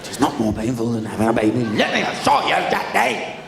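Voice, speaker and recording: A stern, indignant woman, put on by a comic, scolds the stage in a reproachful tone. The voice is gravelly and swings widely in pitch. It sits in an echoey hall under a loud wash of noise. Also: huge pitch swings, brisk, exaggerated voice. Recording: echoey live theatre with heavy noise.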